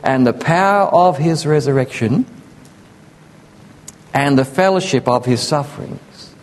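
A man's voice: fairly high pitch, measured pace, slight background noise. A man preaching a sermon in an earnest, conversational way, sometimes acting out the voices of people he quotes. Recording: echoey hall.

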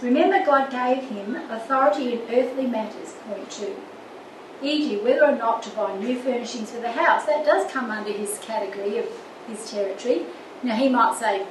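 A woman's voice: fairly high pitch, moderate pace. Older woman teaching, distant and echoey. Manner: earnest, with lively anecdotes and acted quotes. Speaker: church course teacher. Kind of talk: marriage course teaching. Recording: echoey room, distant mic, background noise.

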